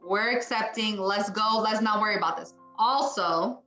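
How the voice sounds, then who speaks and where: Chatty bright-voiced woman psychic, echoey. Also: medium pitch, moderate pace, highs cut off, faint music behind. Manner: chatty, rambling, acts out spirit voices. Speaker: psychic medium. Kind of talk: mediumship reading. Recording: echoey room.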